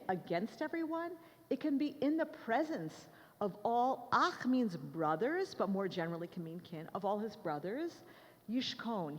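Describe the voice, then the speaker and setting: A woman giving a lecture to an audience in a conversational, joking way. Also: a little high. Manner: lively and conversational, joking with listeners. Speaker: lecturer on the Hebrew Bible. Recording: long reverb of a large hall.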